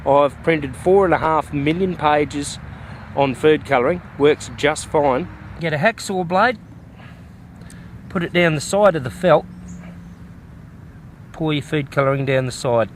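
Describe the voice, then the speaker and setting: A man's voice: on the high side, measured pace, long pauses, slight background noise. Rambling Australian man outdoors. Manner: folksy and rambling, with bush slang. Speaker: vlogger. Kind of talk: casual walking vlog. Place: outdoors in the bush by a road.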